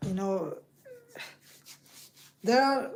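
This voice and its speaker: A woman hosting a casual chat, speaking slowly and repeating words. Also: medium pitch, animated. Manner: slow, drawn-out speech with repeated words. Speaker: video host.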